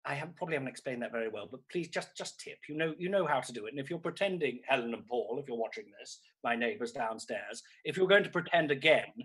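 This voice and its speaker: A man's voice: mid-range voice, animated, fast, few pauses, a bit bright, husky, low-quality recording. A male comedian playing a vain, self-absorbed aging stage actress, hosting a streamed comedy show from home with camp, theatrical, sweary delivery. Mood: peevish. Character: vain grande dame actress, middle-aged woman, theatrical and self-absorbed. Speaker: comedian host. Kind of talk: live-streamed character comedy. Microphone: laptop or streaming mic.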